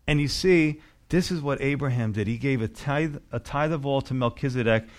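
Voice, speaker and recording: A man's voice: mid-range voice, normal speed. A man preaching a sermon in a church as pastor, with emphatic rising and falling delivery.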